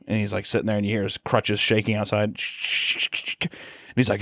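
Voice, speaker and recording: A man's voice: fairly low pitch, level tone, a little fast, a bit bright, no room sound, studio quality. A young man co-hosting a casual comedy podcast, riffing and jumping into character voices as he tells scenes. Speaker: podcast co-host.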